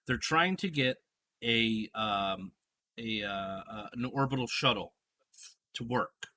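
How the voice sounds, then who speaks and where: A man's voice: mid-range voice, animated, slow, sharp tone, slight background noise. A man hosting a casual podcast chat, retelling a TV scene in a rambling, storytelling way. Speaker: podcast host.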